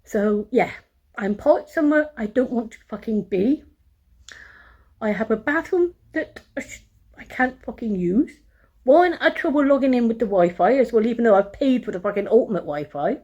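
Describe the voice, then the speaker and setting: A woman's voice: on the high side, lively intonation, moderate pace, dark tone, highs cut off. A woman vlogging from a hotel room on her phone, swearing a lot as she complains and then gives a room tour. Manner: exasperated, swears often, talks to camera. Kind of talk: casual vlog rant and room tour. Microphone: phone camera.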